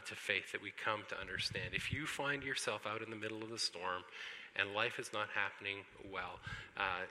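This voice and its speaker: A man preaching in a church hall, his voice very bright and forceful. He talks in an animated way and jokes with the congregation. A long reverb from the hall trails behind his words. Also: on the low side, slight background noise. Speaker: pastor. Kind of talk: sermon.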